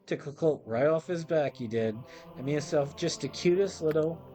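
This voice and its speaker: A man's voice: on the high side, normal speed, dark tone, natural voice. A man voicing a chatty old male servant in a game, reading his lines in a folksy, rambling way. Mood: teasing.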